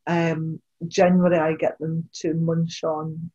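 A woman's voice: sits low, little pitch movement, a little slow, dark tone, husky, dull audio. A woman kinesiologist chatting with a colleague about working with dogs and their owners. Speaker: kinesiologist, host. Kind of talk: casual conversation.

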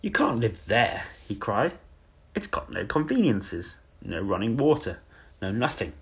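A man voicing a blunt, grumbling old farmer who talks slowly and plainly. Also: fairly low pitch, big pitch swings, husky, full character voice. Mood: gruff.

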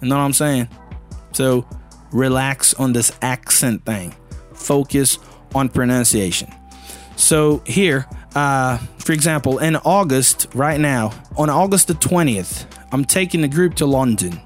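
A man in his thirties from Brazil with a Brazilian Portuguese accent, a native Portuguese speaker giving a casual, animated English pronunciation lesson and often asking the listener questions. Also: mid-range voice, measured pace, soft background music. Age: 30s. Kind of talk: casual spoken lesson to camera.

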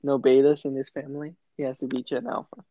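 A young man co-hosting a casual podcast, telling stories in a deadpan way. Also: medium pitch, fast, no echo. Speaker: podcast co-host. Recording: dry, dull lo-fi mic.

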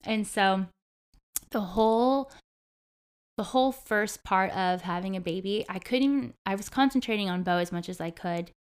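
A woman's voice: mid-range voice, normal speed, smooth. A young adult woman telling a personal story in a casual talk with a host, chatty and full of "like". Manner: chatty, heavy use of "like". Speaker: interview guest.

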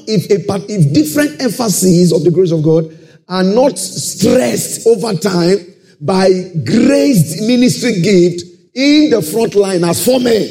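Brief: male pastor, slightly high, warm tone, sermon with constant "praise the Lord" asides. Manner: peppers talk with "praise the Lord" and checks listeners follow. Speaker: preacher.

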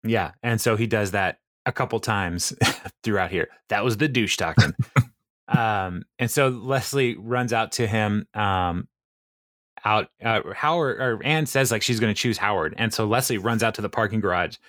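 Recapping a TV episode with his podcast partner, this man chats casually, laughs a lot, quotes lines from scenes and leans on fillers. His voice sits fairly low with a fairly bright tone, and he talks at a normal speed on a dry, studio-quality recording.

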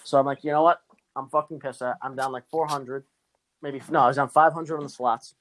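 A man's voice: mid-range voice, fairly even intonation, a little fast, a bit bright, a little hiss or hum. A young man casually telling a long, profane gambling story to a friend.

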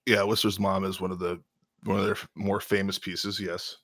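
Wry man with a low voice. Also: normal speed, no room sound, clean studio sound. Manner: wry, knowledgeable, deadpan jokes. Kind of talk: casual chat.

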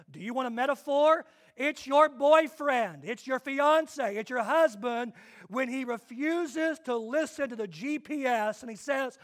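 A man preaching a sermon to his church, swinging between quiet asides and loud, emphatic declarations. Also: extremely high pitch, measured pace. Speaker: pastor.

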